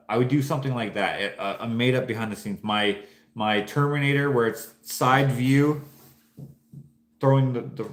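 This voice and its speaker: A man hosting a casual vlog, musing and thinking aloud in a loose, rambling way with many restarts. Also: medium pitch. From Canada. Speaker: painter and channel host. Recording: echoey room.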